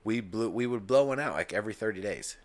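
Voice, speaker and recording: A man's voice: on the low side, fast. A man in his thirties co-hosting a podcast, telling stories in casual, profane chat. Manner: profane, animated storyteller. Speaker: podcast co-host.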